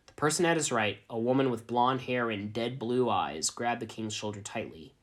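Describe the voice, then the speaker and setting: Male narrator, deadpan straight reading of a fan story. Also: mid-range voice, moderate pace, hardly any pauses. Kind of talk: dramatic reading of fan fiction.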